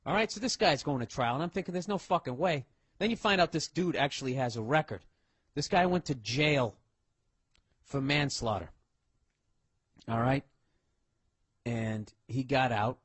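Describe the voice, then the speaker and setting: A man telling a profane story on stage as a stand-up comedian, loud and swearing, acting out the characters he talks about. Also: mid-range voice, animated, normal speed, pauses often, husky, dry recording.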